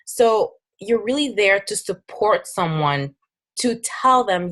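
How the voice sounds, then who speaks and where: A woman's voice: medium pitch, expressive, slow pace, a bit bright. A woman with a French accent, a fitness business coach giving a casual, persuasive recruiting presentation with frequent restarts.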